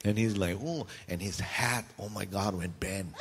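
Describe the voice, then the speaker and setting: A man preaching a sermon, telling a funny story and jumping into high squealing voices for the people in it. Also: moderate pace, background noise. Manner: animated, jumps into high squealing voices for the people in his stories.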